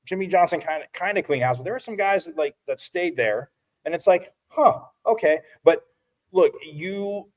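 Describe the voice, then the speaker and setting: A man co-hosting a casual sports talk show, rambling and restarting as he tells animated stories. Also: on the high side, moderate pace. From from Phoenix area.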